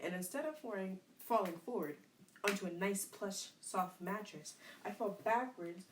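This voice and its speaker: A woman with a mid-range voice talks as a podcast co-host from her own bedroom. She tells stories in a playful, animated way with plenty of fillers. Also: medium pitch, moderate pace. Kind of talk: casual chat, storytelling.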